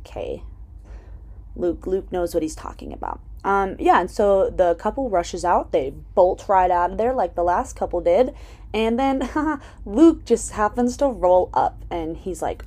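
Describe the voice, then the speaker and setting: Woman chatting through a tv episode recap, lots of ums and likes, swears a bit, warm lowish voice. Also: big pitch swings, takes it slowly. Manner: chatty, full of "um" and "like", swears freely. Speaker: TV episode reviewer.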